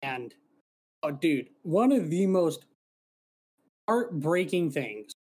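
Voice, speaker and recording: A man's voice: fairly high pitch, very animated, takes it slowly, a little mellow, breathy edge. A man co-hosting a podcast, chatting casually and rambling, swearing now and then. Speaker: podcast co-host. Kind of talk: casual chat.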